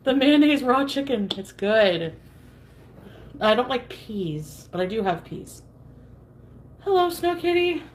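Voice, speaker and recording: A woman rambles on through a casual cooking live stream, with giggles slipping in between her remarks. Her voice sits a little high, and a faint hiss of noise runs underneath. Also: sing-song, slow, long pauses, low-quality recording. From Canada.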